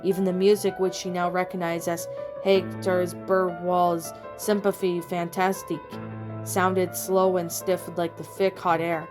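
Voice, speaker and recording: A woman narrating a fan story aloud in a steady descriptive reading. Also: fairly low pitch, measured pace. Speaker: audiobook narrator. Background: soft background music.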